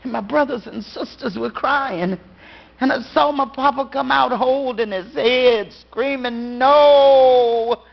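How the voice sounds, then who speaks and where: A woman storyteller telling a ghost story to a live audience in a slow, dramatic rhythm with long pauses. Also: a little high, gravelly. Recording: dull lo-fi live recording.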